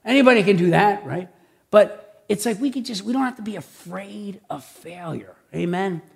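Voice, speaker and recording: A man preaching a sermon as pastor, conversational, with many tag questions and frequent throat clearing. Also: high-pitched, expressive, normal speed. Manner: clears his throat often.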